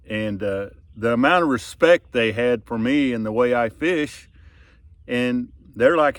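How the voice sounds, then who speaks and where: A man's voice: mid-range voice, fairly quick, no echo. Folksy man, dry close sound. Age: middle-aged. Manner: drawling, folksy, earnest, often trails off softly. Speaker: fishing vlogger and tournament angler. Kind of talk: casual storytelling to camera. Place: outdoors on a boat on a river.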